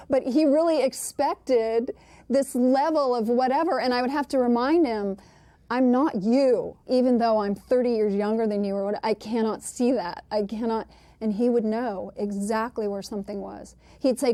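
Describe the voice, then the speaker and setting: Lively woman, dry close sound. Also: fairly high pitch, normal speed, dry recording. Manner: lively, acts out quoted dialogue. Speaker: daughter recalling her father. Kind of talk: documentary interview storytelling.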